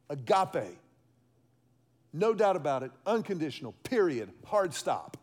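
A male pastor preaching a sermon in an emphatic, animated way, calling on the congregation to respond. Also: a little high, unhurried.

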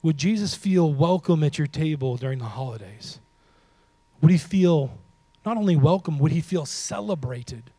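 A man preaching with a mellow, fairly high voice, lively and humorous. He swings between loud lines and near-whispered emphasis, and he talks straight to the congregation. The sound is dry and close. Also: moderate pace, no room sound. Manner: humorous, talks to the audience directly. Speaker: pastor. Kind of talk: sermon.

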